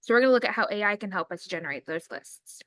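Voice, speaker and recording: Casual woman teacher walking through a screen demo, mid pitch, dry mic. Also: expressive, fairly bright tone, no room sound. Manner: casual, talks while typing prompts aloud slowly. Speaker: special education teacher trainer. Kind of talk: screen-recorded demo lesson.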